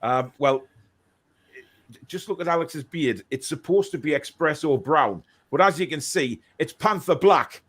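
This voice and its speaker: A man with a Geordie accent banters with his co-host, teasing and reading out viewer comments. His voice sits a little high. The delivery is relaxed and chatty. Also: a little slow. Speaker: podcast co-host. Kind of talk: casual banter chat.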